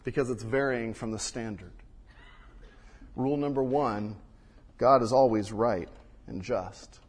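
A man preaching a sermon and reading scripture, swinging between loud emphasis and hushed quiet, recorded in a church sanctuary. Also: medium pitch, measured pace, slightly rough. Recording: long reverb of a large hall.

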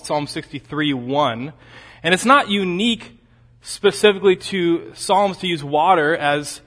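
A man delivers an expository sermon under a long reverb tail, swinging from loud, urgent highs to quiet, low lows and repeating key phrases to drive them home.

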